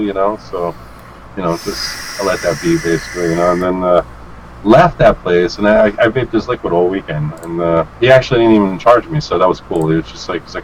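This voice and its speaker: A man's voice: on the low side, fast, a little hiss or hum, rough recording. A man guesting on a chat show, telling stories casually and acting out other people's lines with swearing and laughter. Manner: animated, acts out quotes with swearing and laughs. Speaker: guest, vape reviewer.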